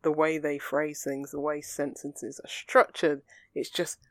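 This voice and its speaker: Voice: mid-range voice, flat delivery, a little slow, fairly bright tone, dry recording. A young adult, a podcast co-host in casual chat who rambles earnestly through fillers and restarts. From England.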